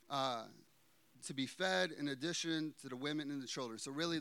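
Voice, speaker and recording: A man's voice: a little high, pushed and bright, no room sound. A man preaching a sermon, reading scripture and adding playful, chatty asides that keep checking in with his listeners.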